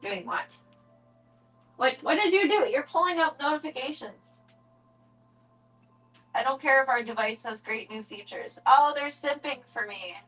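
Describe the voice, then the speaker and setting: A woman streaming casually from home, chatting to viewers and cooing baby talk at her kittens, her voice jumping high when she talks to them. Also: lively intonation, unhurried, pauses often, a bit bright, faint music behind, low-quality recording. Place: home room with cat enclosure.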